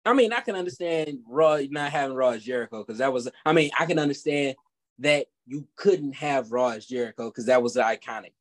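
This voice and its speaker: A man co-hosting a casual wrestling podcast who rambles in an animated way. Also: mid-range voice, fairly quick. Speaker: podcast co-host.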